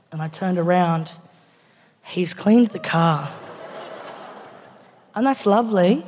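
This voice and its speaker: A woman's voice: fairly low pitch, slow pace, pauses often, a little mellow. A woman comedian with an Australian accent, telling a story with a laugh in her voice to a live audience. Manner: laughing, loose and chatty. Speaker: stand-up comedian. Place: theatre stage before an audience. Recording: reverberant live theatre recording, faint noise.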